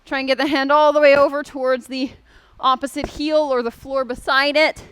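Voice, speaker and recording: A woman's voice: high voice, level tone, normal speed, fairly bright tone, slight background noise. A woman instructor leading a seated and standing exercise class, giving upbeat, encouraging cues. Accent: Canadian.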